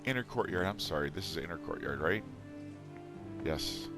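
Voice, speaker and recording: A middle-aged man with a deep, expressive voice casually commentates a video game as a let's play host, speaking at normal speed over music. He rambles, amused at himself, and chats to his viewers.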